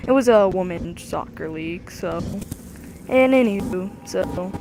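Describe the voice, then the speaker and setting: A male speaker casually telling a rambling, animated story about his childhood while someone plays a video game. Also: high voice, measured pace, background noise. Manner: rambling, animated, with lots of "anywho". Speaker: storyteller over gameplay.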